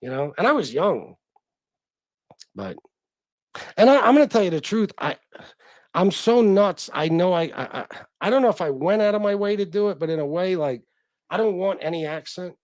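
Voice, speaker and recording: A man's voice: high-pitched, big pitch swings, normal speed, long pauses, darkish tone, dry recording. A middle-aged man hosting a casual livestream, reading chat comments and talking in a blunt, profane, self-deprecating way.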